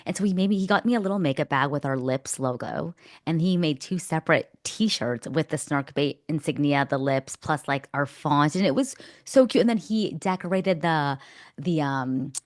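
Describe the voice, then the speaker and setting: A woman's voice: moderate pace, dry recording. A woman co-hosting a podcast in casual, bubbly chat, close on the mic. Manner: chatty, bubbly, jumps into high squeals when gushing. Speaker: podcast co-host.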